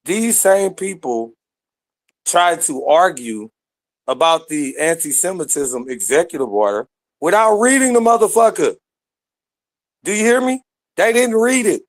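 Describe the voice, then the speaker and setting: A man's voice: high voice, animated, a little slow, long pauses, no room sound. A man ranting at listeners in an online audio room, confrontational and full of slang and swearing. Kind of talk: heated rant.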